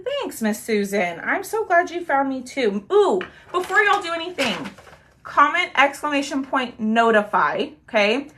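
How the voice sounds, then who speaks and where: A bubbly young woman chats her way through a live craft demo. Her voice is bright and a little high, and she keeps thanking viewers by name between steps. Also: big pitch swings, measured pace. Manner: bubbly, talks to viewers while working, thanks commenters. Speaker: craft live-stream host.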